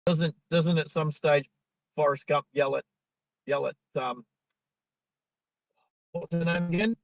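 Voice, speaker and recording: A man's voice: on the high side, steady tone, slow pace, vocal fry, no room sound, rough recording. A man hosting a live stream from his car, chatting to viewers in a rambling way as he drives. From Australia. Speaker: live-stream driving host. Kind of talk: casual live-stream chat while driving. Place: inside a car on the road.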